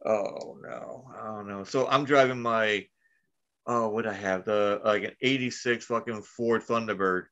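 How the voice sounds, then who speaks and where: A podcast host with a lowish, somewhat bright voice speaks at a measured pace with fairly even intonation. In a casual chat, he rambles through long profane stories and laughs at them himself. The recording has a dull lo-fi sound.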